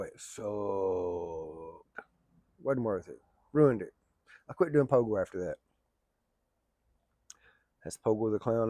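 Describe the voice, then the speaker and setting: A man's voice: medium pitch, a little mellow, no room sound, studio quality. A middle-aged man telling a long story in a rambling, colloquial, folksy way. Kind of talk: casual spoken storytelling.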